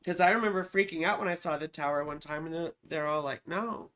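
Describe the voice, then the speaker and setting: A hoarse man hosting an astrology livestream, chatting casually with viewers and reading out their comments in a rambling, profane way. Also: a little high, brisk, a bit bright. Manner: rambling, profane, sings snatches between remarks.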